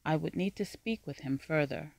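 A narrator voicing a young woman who serves as a court storyteller, speaking calmly and solemnly. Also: mid-range voice, moderate pace, gravelly, no room sound, close to an everyday voice. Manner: calm, solemn.

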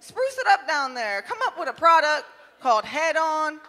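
A young woman from New Jersey doing a stand-up comedy set, brash and loud with lots of swearing, often laughing at her own jokes. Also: high-pitched, big pitch swings, normal speed, in a large hall. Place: comedy club stage.

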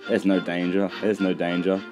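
A man's voice: deep voice, completely flat delivery, moderate pace, natural voice. A man voicing a cheeky, boastful young male tank engine in a storybook reading. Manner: boastful, teasing. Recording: music behind, poor mic.

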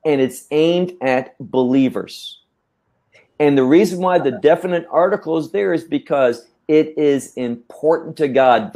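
Slow, low-toned man teaching scripture. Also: darkish tone. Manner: measured, emphatic, repeats words while thinking. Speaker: Bible teacher. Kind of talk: teaching talk.

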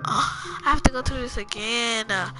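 A woman narrates her gameplay to viewers, speaking softly from behind a headset mic. Her voice sits a little high for a woman. Game music plays clearly behind her. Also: slow, poor audio. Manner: chatty, talking to viewers in a low voice. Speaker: gaming channel host. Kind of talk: casual gameplay commentary. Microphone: headphones with a mic.

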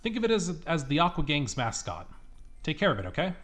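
A man's voice: a little high, huge pitch swings, a little fast, fairly bright tone. A man voicing a proud male gang leader in a video game, formal and approving.

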